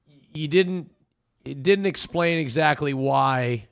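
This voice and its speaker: A man's voice: on the high side, takes it slowly, gravelly, clear, resonant tone. A man with a slightly raised voice reads out viewer messages during a livestream, joking as he decides on each one. His delivery is playful and casual. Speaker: co-host reading chat.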